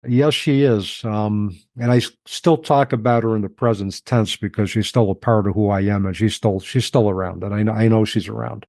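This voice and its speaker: A middle-aged man telling personal stories as an interview guest, reflective and halting, emotional at times. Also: lowish voice, steady tone, darkish tone, dry recording.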